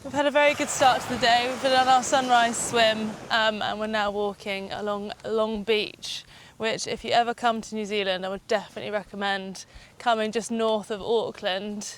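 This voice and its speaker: A woman's voice: fairly high pitch, steady tone, moderate pace, few pauses, background noise. A woman from the UK co-hosting a vlog, chatting casually while walking along a beach. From United Kingdom. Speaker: vlog co-host. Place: outdoors on a beach.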